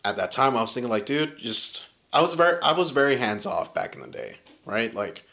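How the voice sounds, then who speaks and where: A man in his thirties casually telling a story in a podcast chat, animated and swearing often, acting out what people said. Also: medium pitch, fairly quick, creaky. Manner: animated, profane, acts out quoted lines.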